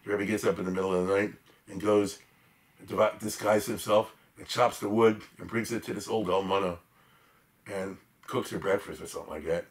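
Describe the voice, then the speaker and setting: Animated man giving a chatty lecture. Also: on the low side, brisk. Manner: animated and emphatic, with chatty asides to the audience. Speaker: lecturer on history. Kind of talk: informal storytelling lecture.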